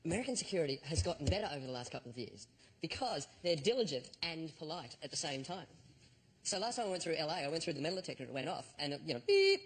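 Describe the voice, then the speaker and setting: A man's voice: on the high side, fairly bright tone, breathy edge, poor audio. A male comedian on a TV panel show, telling a chatty anecdote and acting out the quoted lines of the people in it. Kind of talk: comic storytelling. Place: TV studio with live audience.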